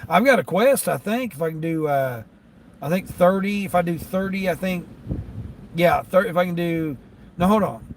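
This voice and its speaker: A man vlogging from the driver's seat of his car, grumbling and thinking out loud as he checks his delivery apps. His voice is gravelly and a little higher than most men's. Faint car noise hums behind him. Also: expressive, moderate pace. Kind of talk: casual talk while driving. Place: inside a car.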